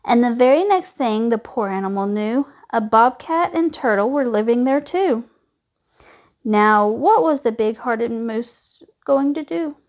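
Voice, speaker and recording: A woman reading a children's storybook aloud in a lively, expressive way. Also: fairly high pitch, measured pace. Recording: dull lo-fi recording.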